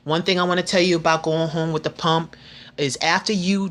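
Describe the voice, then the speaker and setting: A woman in her fifties talking straight to her viewers in a casual vlog. Her voice is bright and forceful. She is frank, earnest and full of faith, and she often stops and restarts her sentences. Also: low voice, steady tone, a little fast. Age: 50s. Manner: chatty with frequent restarts. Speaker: vlogger.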